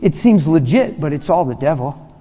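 A middle-aged man preaching a sermon as a pastor, telling a story with emphatic swings from loud to hushed. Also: a little high, very animated, moderate pace. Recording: long hall reverb.

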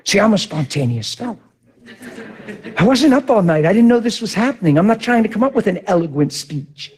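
Husky, animated man preaching a testimony. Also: high voice, fairly quick. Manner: animated storytelling, swings from shouting to hushed near-whispers. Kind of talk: sermon testimony.

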